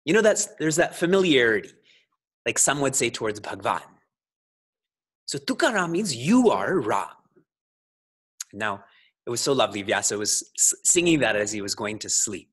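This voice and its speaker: A man's voice: mid-range voice, big pitch swings, moderate pace, pauses often, fairly bright tone, husky. A man, a spiritual teacher, giving a scripture talk to a congregation in a playful way, laughing often and putting questions to his listeners.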